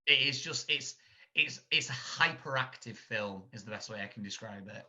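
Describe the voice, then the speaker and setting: A man chatting about films on a podcast, rambling and animated. His voice is very bright and forceful. The recording sounds dull and lo-fi. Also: on the low side, moderate pace. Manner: rambling, animated, laughs while retelling scenes. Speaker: podcast co-host. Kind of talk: casual film chat.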